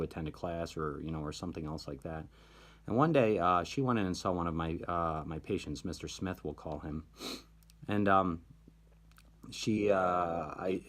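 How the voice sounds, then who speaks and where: A man hosting his own video channel, telling a personal story in a casual, hesitant monologue full of fillers. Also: deep voice. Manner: hesitant, many fillers and restarts. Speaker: video host.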